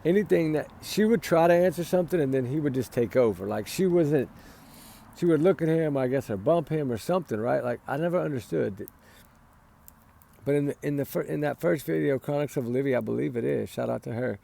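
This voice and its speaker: Tired gravelly-voiced man musing. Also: a little high, a little fast, warm tone. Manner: rambling, repeats "right?", sighs and yawns. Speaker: commentator on a missing-child case. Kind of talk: casual opinion talk.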